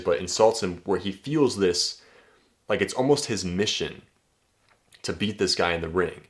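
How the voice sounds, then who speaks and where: A man's voice: fairly low pitch, a bit bright. A man coaching on dating in a casual vlog monologue, blunt and profane, tagging his points with "right?".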